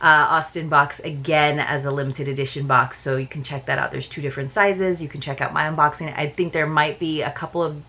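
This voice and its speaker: A woman's voice: low-pitched, steady tone, a little fast, hardly any pauses, sharp tone. A woman hosting an unboxing vlog, talking in a chatty, casual way with frequent "uh" fillers. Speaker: unboxing channel host.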